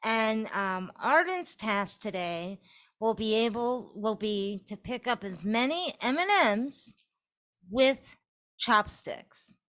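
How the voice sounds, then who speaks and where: A woman co-hosting a relaxed podcast, her voice sitting a little high. She lays things out step by step in an orderly, informative way. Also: slow. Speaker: podcast co-host. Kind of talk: casual chat.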